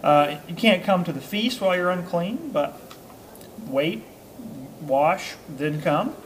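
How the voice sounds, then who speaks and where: A man's voice: sits high, lively intonation, slow, a little hiss or hum. A man teaching a Bible study group. He reads a passage, then explains it casually with ums, uhs and chuckles. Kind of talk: informal scripture teaching to a small group.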